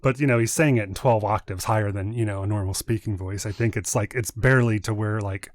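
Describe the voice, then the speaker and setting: A man's voice: lowish voice, quick pace, dry recording. Rambling jokey man, dry sound. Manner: rambling, jokey, many filler words. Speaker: livestream co-host. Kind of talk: casual chat.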